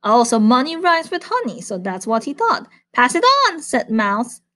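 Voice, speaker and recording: A woman reading a children's picture book aloud at bedtime, playful and animated. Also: fairly high pitch, normal speed.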